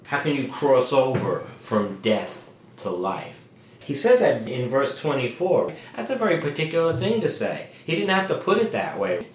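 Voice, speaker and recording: A man's voice: mid-range voice, big pitch swings, normal speed, a little hiss or hum. Emphatic man teaching in an echoey room. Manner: emphatic, acts out quoted lines, asks rhetorical questions. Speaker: Bible study leader. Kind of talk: conversational Bible teaching. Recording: echoey room, distant mic.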